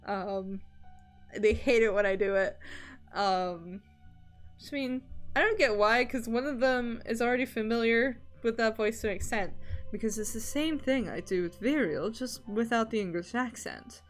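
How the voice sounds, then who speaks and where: A woman's voice: fairly high pitch, moderate pace, soft background music. A young woman streamer chatting casually while drawing, rambling with lots of fillers, frequent laughter and casual swearing.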